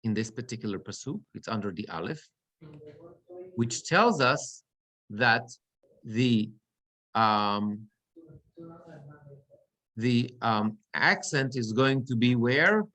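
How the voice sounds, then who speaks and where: A middle-aged man teaches Torah reading to an online class, heard over a video call. His delivery is very slow and unhurried. He halts and restarts his sentences often as he works through each point. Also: medium pitch, expressive, bright, forceful tone. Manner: slow, halting, with many restarts.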